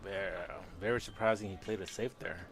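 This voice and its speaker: A man's voice: fairly low pitch, fairly even intonation, a little fast, background noise. A man co-commentating a live pool match, teasing and joking with the other hosts. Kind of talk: casual live-stream commentary.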